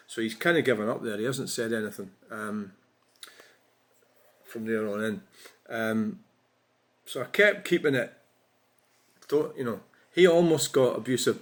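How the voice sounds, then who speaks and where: A chatty man giving casual commentary in a vlog. His voice sits in an ordinary middle pitch, and he keeps tagging his points with quick questions to the listener. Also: a bit bright. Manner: chatty, frequent tag questions, chuckles at his own remarks. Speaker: political vlogger. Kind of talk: casual commentary reading out an online exchange.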